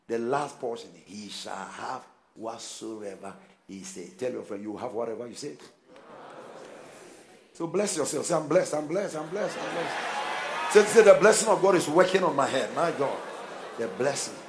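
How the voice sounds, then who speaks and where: A pastor preaching with lively, swooping intonation and a slightly high voice. He hammers his points with repetition and calls on the congregation to answer him. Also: slight background noise. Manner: emphatic preaching with call-and-response and repeated phrases. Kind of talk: sermon.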